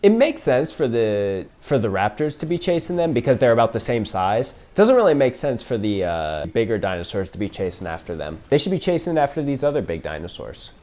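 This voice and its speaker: A man's voice: mid-range voice, sing-song, a little fast, few pauses, a little mellow. A man reacting to a movie for the first time, joking, sarcastic and swearing freely as he comments. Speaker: film reaction host.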